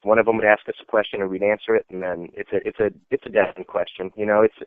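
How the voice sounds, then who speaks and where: A man's voice: on the low side, level tone, quick pace, clean tone, no room sound. Veteran guy telling stories, lots of "like" and "you know", tinny dry audio. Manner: rambling, full of "like" and "you know". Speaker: army veteran interviewee. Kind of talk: casual storytelling. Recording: tinny phone-like dry sound.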